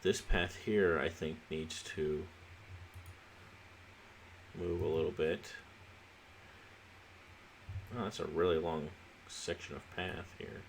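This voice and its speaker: A man with a very low voice gives relaxed, halting commentary while he plays a city-building game, thinking aloud as he goes. He sounds a little sleepy, and faint noise sits under the recording. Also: vocal fry. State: sleepy, yawning. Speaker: let's play host. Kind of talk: casual gameplay commentary.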